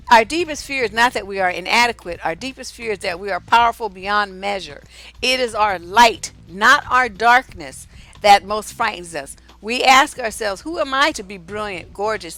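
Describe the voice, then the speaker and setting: A woman's voice: medium pitch, bright, forceful tone. An older woman working as a relationship coach, giving a blunt, profane motivational talk to women viewers and hammering home her points by repeating them. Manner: blunt, profane and emphatic, repeating key phrases.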